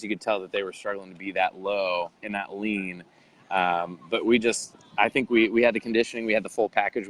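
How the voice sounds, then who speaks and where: Lower-voiced man telling a story animatedly. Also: rough recording. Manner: animated, acts out quoted voices. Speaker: interview guest, bodybuilder. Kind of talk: casual storytelling interview.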